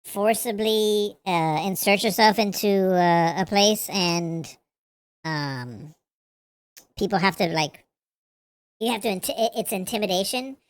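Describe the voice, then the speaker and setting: A woman's voice: mid-range voice, measured pace, dry recording. A woman hosting a reaction commentary, talking bluntly and profanely, with lots of fillers. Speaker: commentary host.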